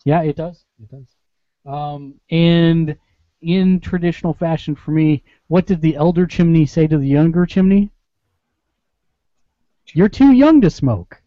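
A man's voice: fairly high pitch, fairly even intonation, moderate pace, dry recording, dull audio. A man hosting a casual gaming podcast, joking and rambling as he hands the mic around. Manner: jokey, rambling, dad-joke teller. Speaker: podcast host.

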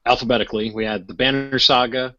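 A man chats on a gaming podcast and tells a long anecdote that keeps wandering off into fillers and false starts. His voice sits at an ordinary middle pitch. The sound is dry and a little dull, as from a modest home mic. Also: fast talker, no echo. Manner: rambling, many fillers and restarts, animated when acting out quotes. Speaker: podcast co-host. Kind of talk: casual podcast storytelling.

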